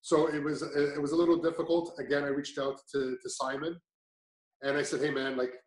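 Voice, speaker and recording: A man's voice: fairly high pitch, flat delivery, brisk. Man telling his story in an echoey room. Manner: rambling, many restarts and fillers. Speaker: client giving a testimonial. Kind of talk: casual testimonial chat.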